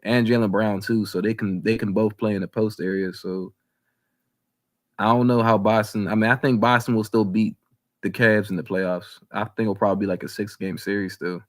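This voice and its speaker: Male podcast co-host, low-ish voice, animated casual sports banter. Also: fairly quick. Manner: animated, repeats himself, slangy.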